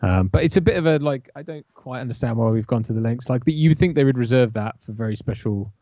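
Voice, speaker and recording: A man's voice: medium pitch, animated, fast, dark tone. Guy, wry rambling chat as stream co-host, muffled lo-fi mic, no room echo. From Britain. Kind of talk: casual chat on a livestream. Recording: dull, dry, lo-fi mic.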